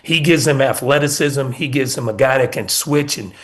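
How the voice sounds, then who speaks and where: A man's voice: mid-range voice, normal speed, fairly bright tone. A middle-aged man, a college basketball coach, telling stories as a guest in a casual radio interview and often repeating words.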